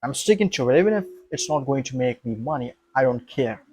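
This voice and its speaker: A man's voice: mid-range voice, expressive, a little fast, a little mellow, a little hiss or hum. A young man vlogging to his camera, thinking aloud in an emphatic, rambling way, repeating himself and swearing.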